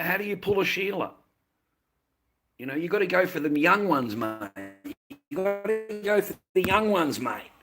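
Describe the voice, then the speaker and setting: Bright-voiced man ranting. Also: fairly high pitch. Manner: rambling, repetitive, profane. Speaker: live streamer. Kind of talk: casual live-stream rant.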